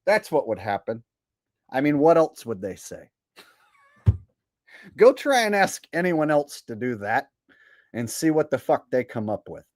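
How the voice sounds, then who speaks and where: A man's voice: mid-range voice, sing-song, a little slow, pauses often, no echo, studio quality. A man hosting a livestream in a casual, sarcastic rant, profane and boastful. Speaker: host.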